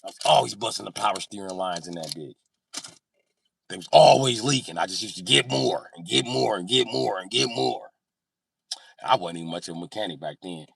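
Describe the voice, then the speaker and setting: A man's voice: fairly low pitch, lively intonation, a little fast, vocal fry, fairly bright tone. A man telling profane stories casually on a live stream, acting out sounds and voices. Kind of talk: casual storytelling.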